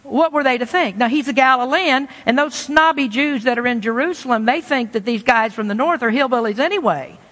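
Folksy preacher in a reverberant hall. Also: male voice, extremely high pitch, a little fast, few pauses, pushed and bright. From Kentucky, USA. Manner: folksy, conversational preaching with homespun asides. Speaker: pastor. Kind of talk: sermon.

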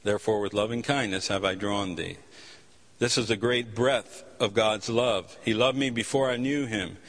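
A man's voice: on the low side, steady tone, normal speed. A man preaching a sermon, telling stories passionately with frequent restarts. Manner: impassioned storytelling preacher with repeated restarts. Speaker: pastor. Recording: long hall reverb.

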